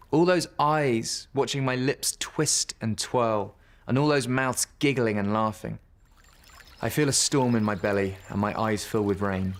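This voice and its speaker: A man reading a children's bedtime story aloud in a gentle, unhurried way. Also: mid-range voice, slight background noise.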